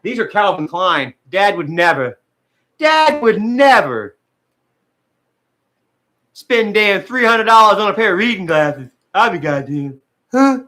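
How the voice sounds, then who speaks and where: Bright-voiced, rambling, profane man. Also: high-pitched, big pitch swings, a little slow, long pauses. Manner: rambling, profane, says man and bro a lot. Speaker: vlogger reading live chat. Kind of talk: casual chat.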